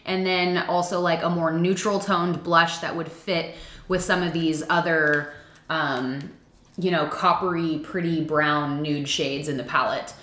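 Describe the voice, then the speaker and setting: Recorded in an echoey room, this young woman reviews makeup as a beauty vlogger, talking casually with lots of fillers and self-deprecating chatter. Her low-pitched voice is steady and a bit bright, and her pace is measured.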